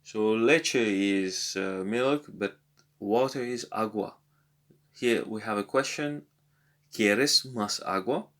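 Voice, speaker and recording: A man talking through a language exercise, thinking aloud in a hesitant way and slowly sounding out foreign words. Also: fairly low pitch. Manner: hesitant, thinking aloud with many pauses and repeats. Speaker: language lesson vlogger working through exercises. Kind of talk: casual think-aloud tutorial.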